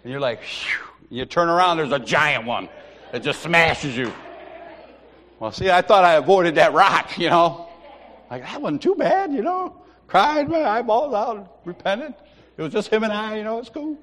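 Speaking at a moderate pace, this lay preacher has a high, fairly bright voice and is very animated. He tells a personal story during his sermon, voicing the dialogue and chuckling at his own expense, while the church sanctuary adds long hall reverb.

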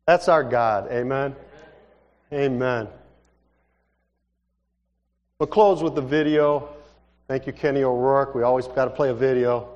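A man's voice: mid-range voice, moderate pace, dull audio. A male pastor telling stories in a conversational sermon, acting out the dialogue as he goes. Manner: animated, conversational, acts out dialogue. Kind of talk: sermon storytelling. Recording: reverberant hall.

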